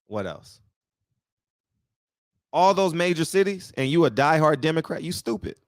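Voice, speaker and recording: A man's voice: medium pitch, no echo, clean studio sound. A man hosting a casual talk show, speaking bluntly and profanely, often laughing at his own jokes. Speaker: podcast host.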